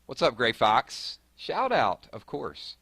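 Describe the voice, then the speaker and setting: A young man with a Southern Georgia accent, chatting fast and excitably on a live stream while answering viewers' comments. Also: mid-range voice, slightly rough, no echo. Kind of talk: casual live-stream chat.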